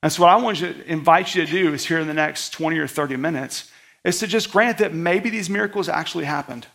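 A man preaching a sermon in a conversational style, swinging between loud outbursts and soft, hushed passages. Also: on the high side, quick pace, creaky. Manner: conversational, self-deprecating preaching. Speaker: pastor.

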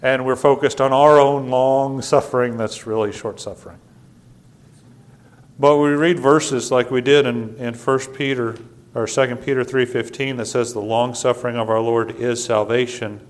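Stammering preacher man, loud then hushed. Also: medium pitch, steady tone, moderate pace. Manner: stammering restarts, swings from loud to quiet. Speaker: pastor. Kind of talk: sermon. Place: church sanctuary.

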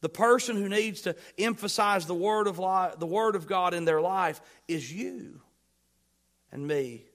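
A man preaching a sermon as pastor, emphatic, swinging between loud bursts and quiet asides, and putting questions to the congregation. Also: high voice, measured pace.

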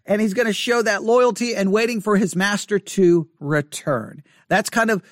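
Male Bible teacher, high voice, dry close sound, earnest and repetitive, online lesson. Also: no room sound. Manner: repetitive, earnest, restarts and emphatic slow repeats.

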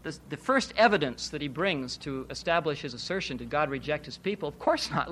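A man preaching an expository sermon in a voice pitched a little above most men's. He drives his points home with rhetorical questions and repeated phrases, steady and emphatic. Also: brisk, hardly any pauses, husky.

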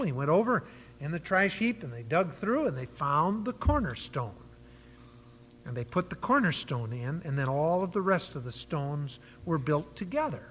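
A man's voice: fairly high pitch, sing-song, moderate pace, a bit bright, a little hiss or hum. A man preaching a sermon, retelling a Bible story and explaining words with frequent fillers. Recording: dull lo-fi church hall recording.

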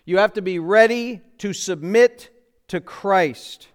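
A man's voice: sits high, takes it slowly. A middle-aged man preaching a sermon in a church, emphatic, asking the congregation rhetorical questions. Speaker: pastor. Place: church sanctuary.

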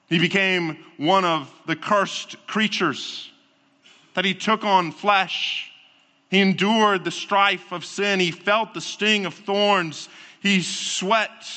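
A man preaching a sermon in earnest, emphatic short phrases, often dropping low and quiet to stress a point, recorded in a church. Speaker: pastor. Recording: long reverb of a large hall.

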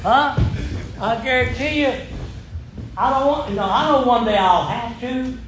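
An older man with a high-pitched voice tells folksy ministry stories, chuckling and repeating himself. He sounds like he's in an echoey church hall. A steady background hiss sits under him. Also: measured pace. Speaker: ministry worker. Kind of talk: folksy testimony storytelling. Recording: echoey room with background noise.

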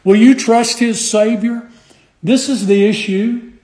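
High-voiced emphatic male preacher, echoey. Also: fairly even intonation, darkish tone. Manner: emphatic, drawn-out phrasing with old scripture wording. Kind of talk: sermon. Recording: echoey room.

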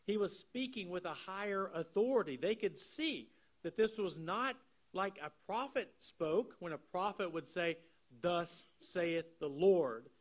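A man with a notably high voice preaching an expository sermon. He talks earnestly and walks through the text line by line. He draws out key phrases slowly for emphasis. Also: fairly bright tone. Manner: earnest, explanatory, slows down to stress key phrases. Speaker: pastor.

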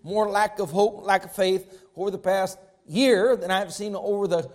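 Male preacher, high-pitched, emphatic sermon delivery with repetition. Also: fairly even intonation, moderate pace, a little mellow. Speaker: pastor.

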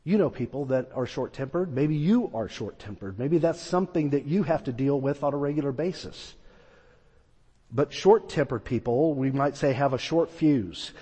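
A man's voice: medium pitch, animated, normal speed, dark tone, slightly rough. A man preaching a sermon, telling a story and acting out the voices in it. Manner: storytelling, acts out quoted voices. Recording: long reverb of a large hall.

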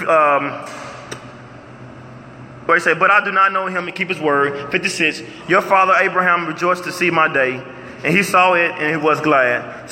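A man preaching a sermon with lively call-and-response delivery, sometimes breaking into shouts, recorded in an echoey hall. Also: sits high. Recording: echoey hall, faint room noise.

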